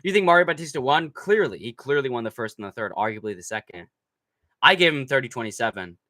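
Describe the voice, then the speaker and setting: A young man hosting a live stream, reading chat aloud in a brash, profane, mocking way and breaking into shouts. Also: medium pitch, expressive, fast. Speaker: livestream host reading chat. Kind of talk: casual livestream chat.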